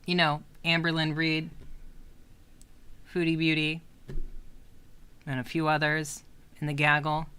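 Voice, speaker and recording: A woman's voice: low-pitched, monotone, a little slow, pauses often, smooth. A woman hosting a casual livestream, chatting in a rambling, hesitant way with many restarts. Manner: coos softly when talking to her cat. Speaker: livestream host.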